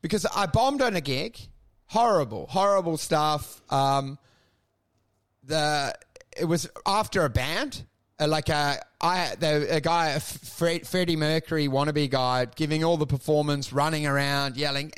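Male comic, high gravelly voice, rambling storyteller who acts out every voice and keeps laughing. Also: normal speed, a bit bright. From Australia. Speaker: podcast co-host and stand-up comedian. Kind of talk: casual comedy podcast chat.

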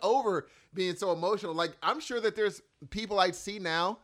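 A man's voice: high-pitched, normal speed, hardly any pauses. A man in his forties in casual chat, telling emotional stories and acting out what people said. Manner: animated, emotional storyteller with acted-out quotes.

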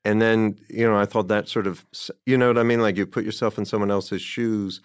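A man's voice: lowish voice, fairly even intonation, brisk, clear, resonant tone, dry recording, studio quality. A man in casual conversation, rambling with enthusiasm about a film and quoting its dialogue along the way.

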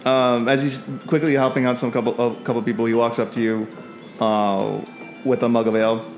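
A man's voice: medium pitch, flat delivery, faint music behind. Man narrating a tabletop game. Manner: halting, many uh fillers. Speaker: game master.

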